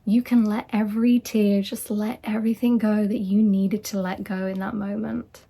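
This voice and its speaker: A woman life coach talking earnestly and encouragingly to her listeners, now and then dropping into a soft whisper. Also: medium pitch, little pitch movement, moderate pace, vocal fry, slightly rough. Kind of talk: motivational monologue.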